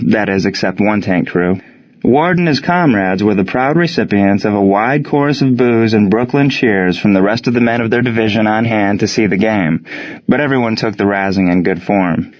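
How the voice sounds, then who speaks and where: A man reading a story aloud in a steady, measured narration. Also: on the low side, highs cut off. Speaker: audiobook narrator.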